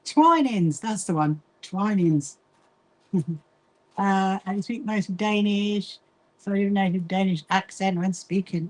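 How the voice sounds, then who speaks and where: A woman's voice: medium pitch, a little mellow, low-quality recording. A middle-aged woman chats casually to viewers while she sews, reading out their comments and laughing often. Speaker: livestream host. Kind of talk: casual chat while sewing.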